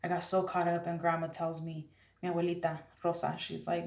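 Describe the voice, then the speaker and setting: Animated woman telling a story, roomy sound. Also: on the low side, a little fast. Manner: animated, heavy use of "like". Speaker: guest artist. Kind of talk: casual storytelling in conversation. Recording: roomy, distant from mic.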